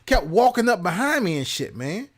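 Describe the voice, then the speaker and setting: Man, co-host, casual storytelling, profane, animated, high voice. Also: moderate pace. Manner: profane, animated storyteller, shouting quoted lines. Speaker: podcast co-host.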